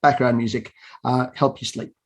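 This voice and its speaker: A man's voice: mid-range voice, fairly even intonation, moderate pace, breathy edge. Guy hosting a jokey podcast award from home, dry teasing humor, video call sound. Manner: dry self-mocking humor. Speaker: awards presenter. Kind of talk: tongue-in-cheek awards hosting.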